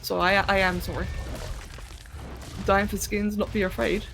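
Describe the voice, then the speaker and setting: A woman's voice: medium pitch, fairly even intonation, moderate pace, soft background music. A woman streaming a game live, chatting casually, thinking aloud and answering her chat as she plays.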